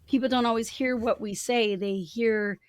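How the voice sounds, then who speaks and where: A woman's voice: a little high, steady tone, normal speed, clean tone, no room sound, clean studio sound. A woman co-hosting a podcast in casual conversation, speaking frankly and acting out quoted thoughts with expression. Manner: frank, candid speech. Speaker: podcast co-host.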